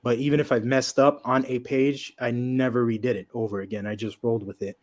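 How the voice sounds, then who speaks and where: A man's voice: medium pitch, level tone, fairly quick, darkish tone. A man, a comic book creator, chatting as a guest on a livestream in a laid-back, rambling way, with fillers and swearing. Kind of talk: casual interview chat.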